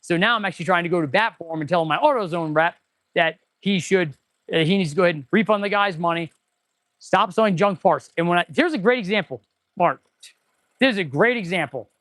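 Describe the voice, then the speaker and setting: High-pitched shop guy rambling on a livestream, gets all excited testing stuff, dry close mic. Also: fairly quick, dry recording. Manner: excitable, rambling, talks to viewers while testing parts. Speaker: auto mechanic and shop owner hosting a livestream. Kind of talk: casual livestream chat while working. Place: auto repair shop, indoors. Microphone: clip-on mic.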